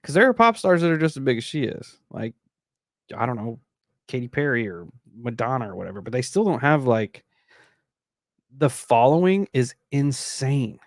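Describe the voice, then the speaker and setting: A man's voice: mid-range voice, sing-song, normal speed, no room sound, clean studio sound. A man co-hosting a podcast in casual chat, rambling and laid-back, often trailing off mid-thought. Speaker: podcast co-host.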